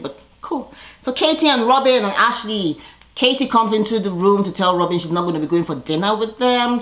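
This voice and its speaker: A woman vlogger giving a casual, opinionated recap commentary, chatty and full of fillers. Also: medium pitch.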